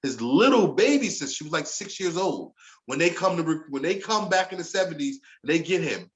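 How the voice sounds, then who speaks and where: A man's voice: fairly high pitch, lively intonation, a little fast, reverberant, rough recording. A man co-hosting a podcast, retelling a show in casual chat and often asking "you know what I'm saying". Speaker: podcast co-host.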